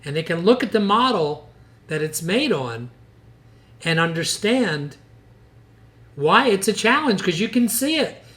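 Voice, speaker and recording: An older man in his sixties with a slightly high voice talks shop with other dentists. His delivery is earnest and persuasive, full of case stories, and he slips into the lines he uses with patients. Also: very animated, unhurried, long pauses, fairly bright tone. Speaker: dentist and educator. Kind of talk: instructional podcast talk.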